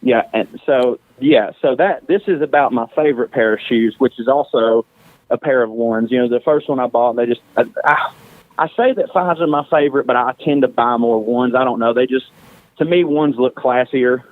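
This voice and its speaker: A man's voice: mid-range voice, moderate pace, no echo. Male podcast guest, profane, self-mocking, dry thin lo-fi sound. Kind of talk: casual storytelling.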